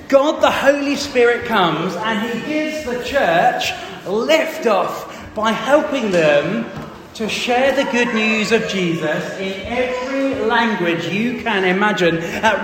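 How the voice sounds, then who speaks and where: A man leading a lively church family talk, quizzing the children and reading from the Bible. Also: sits high. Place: large echoey church hall. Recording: echoey hall, distant mic.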